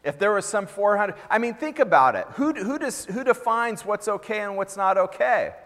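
Male pastor, high-pitched, emphatic repetitive preaching; reverberant hall sound. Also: lively intonation, moderate pace, fairly bright tone. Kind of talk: sermon.

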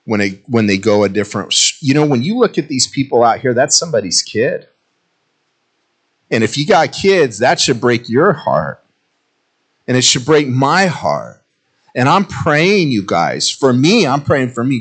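A male pastor preaching a sermon in a conversational, self-mocking way, telling animated stories. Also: mid-range voice, normal speed.

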